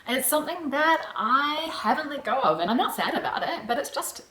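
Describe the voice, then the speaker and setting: A woman from New Zealand with a New Zealand accent, chatting casually to camera in a vlog, animated and laughing often. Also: high voice, a little fast, reverberant. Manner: chatty and animated, laughs often, acts out her own reactions. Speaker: vlogger.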